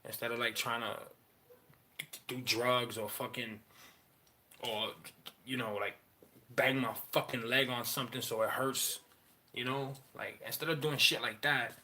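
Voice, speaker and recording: Profane, rambling man with a bright voice. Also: mid-range voice, fairly even intonation. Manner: rambling, profane, halting with many fillers. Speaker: father sharing personal story. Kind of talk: candid personal monologue.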